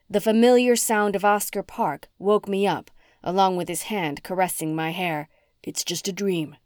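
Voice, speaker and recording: A woman reading a first-person novel aloud as an audiobook narrator, with expressive, dramatic storytelling. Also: medium pitch, clear, resonant tone, dry recording, clean studio sound.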